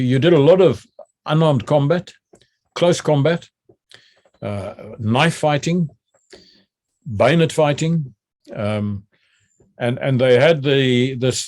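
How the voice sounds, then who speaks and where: A man's voice: mid-range voice, no echo, clean studio sound. Older man recalling army training. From South Africa. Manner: repeats words when starting, acts out shouted drill calls. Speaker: retired general interviewee. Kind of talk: recounting memories.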